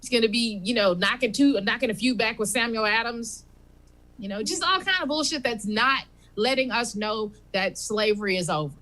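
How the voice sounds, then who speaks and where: Woman, stand-up comedian, high voice, rambling, conversational. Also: normal speed, a bit bright.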